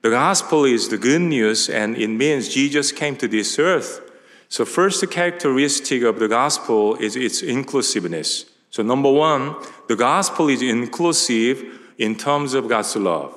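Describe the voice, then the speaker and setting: A man preaching a sermon, setting out numbered points in a measured way and quoting scripture. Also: mid-range voice, lively intonation, fairly bright tone. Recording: long hall reverb.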